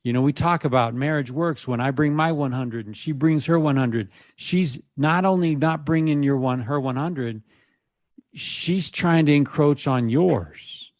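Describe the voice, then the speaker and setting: A man's voice: fairly high pitch, unhurried, darkish tone. A man hosting a podcast, asking reflective, supportive questions in conversation. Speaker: podcast host. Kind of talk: conversational interview.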